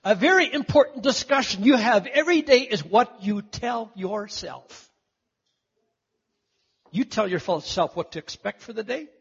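Animated male preacher in an echoey hall. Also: high voice, a little slow, vocal fry, slightly rough, highs cut off. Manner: animated storytelling, acting out quoted voices. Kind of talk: sermon.

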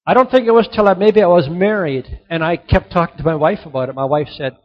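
A man's voice: sits high, quick pace. Emphatic middle-aged male youth preacher. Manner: emphatic, repeats key points, drops to soft earnest tones. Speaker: youth speaker. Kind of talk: motivational sermon to a young audience. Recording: dull lo-fi recording.

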